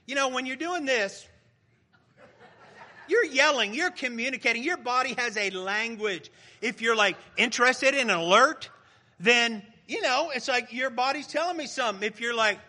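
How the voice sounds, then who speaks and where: A man's voice: extremely high pitch, bright, forceful tone. A middle-aged male pastor preaching a sermon in a conversational, joking way with the congregation.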